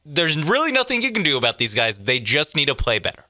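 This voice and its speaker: A man's voice: fairly high pitch, huge pitch swings, quick pace, pushed and bright, no echo, clean studio sound. A man co-hosting a sports talk show, joking and playful in banter. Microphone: studio microphone.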